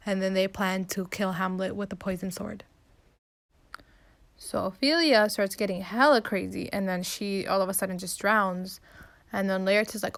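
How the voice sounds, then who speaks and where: A woman's voice: medium pitch, steady tone, moderate pace. A woman casually retelling a play's plot in slangy, breezy talk as a student presenter. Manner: slangy, breezy, voices quotes loosely.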